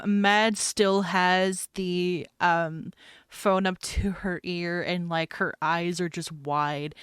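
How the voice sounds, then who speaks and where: Brief: woman playing a character, animated and laughing, unhurried, dry close sound. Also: lowish voice, clear, resonant tone, dry recording. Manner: animated, with frequent laughs and swearing. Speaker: player. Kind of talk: playing a character in a tabletop game.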